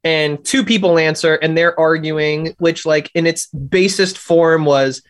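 A man guest on a podcast, chatting casually about his film, quick and excitable, swearing freely. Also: fairly high pitch. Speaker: filmmaker guest.

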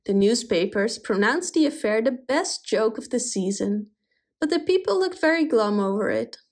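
A woman reading a fairy tale aloud in an expressive, animated way. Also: fairly high pitch. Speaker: storyteller. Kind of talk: storybook reading.

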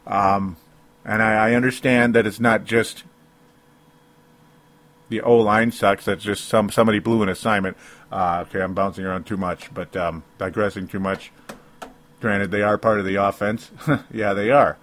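A man's voice: lowish voice, fairly even intonation, normal speed, pauses often, fairly bright tone. A man hosting a sports talk show alone, ranting with emotion, rambling and interrupting himself with small laughs. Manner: rambling, self-interrupting, laughs between points. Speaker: sports talk podcast host. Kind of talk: emotional solo sports rant.

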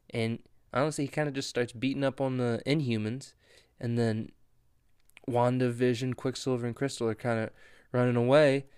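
A man's voice: medium pitch, darkish tone, smooth, dry recording, studio quality. A man hosting a podcast, recapping a comic story in a chatty, wry way. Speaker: podcast host. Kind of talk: casual comic book recap.

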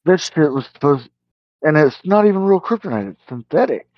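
A man chatting on a podcast, animated, retelling scenes and swearing a lot. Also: fairly high pitch, brisk, dry recording, highs cut off. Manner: animated storyteller, swears a lot, acts out characters' lines. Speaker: podcast co-host. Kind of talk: casual review chat.

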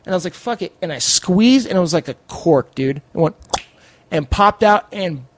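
Excitable, profane man telling a story. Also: high-pitched, moderate pace, dry recording. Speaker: podcast guest. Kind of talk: casual storytelling.

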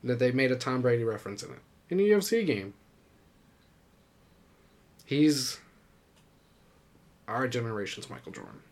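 Male podcast co-host, mid pitch, loose rambling sports chat, frequent laughs. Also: moderate pace, pauses often. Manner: laughs often, rambling and animated.

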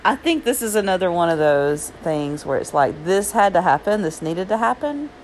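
A woman with a fairly low voice talks through her own thoughts on a solo podcast. She rambles in a loose, chatty way, with lots of fillers and small laughs. A faint hiss of noise sits under the recording. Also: very animated, moderate pace, a little mellow, low-quality recording. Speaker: podcast host. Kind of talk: solo reflective podcast monologue. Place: Jacksonville.

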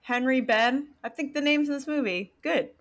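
A woman's voice: sits high, moderate pace. A woman co-hosting a podcast, joking bluntly in casual chat about a film. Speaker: podcast co-host.

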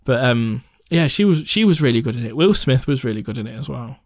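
A man's voice: medium pitch, lively intonation, fairly quick, a crowd in the background. A young man chatting casually about films as a podcast co-host, rambling and swearing, laughing often. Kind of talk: casual film chat.

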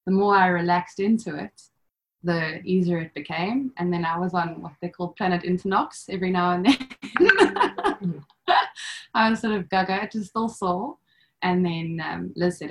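A woman's voice: on the low side, animated, moderate pace. A young woman telling her own story as a podcast guest, chatty, with many fillers and bits of quoted dialogue. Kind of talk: personal storytelling.

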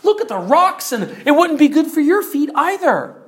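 A preacher voicing a smooth-talking worldly man in an allegory, coaxing and guilt-tripping in a lively, raised voice. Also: medium pitch, normal speed. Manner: coaxing, then sulky and scolding.

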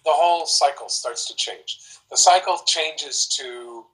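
A man with a slightly higher voice talks through relationship advice in a relaxed, explanatory way. He is animated and often slips into acting out short example dialogues to make his point. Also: a little slow, low-quality recording. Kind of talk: casual explanatory talk.

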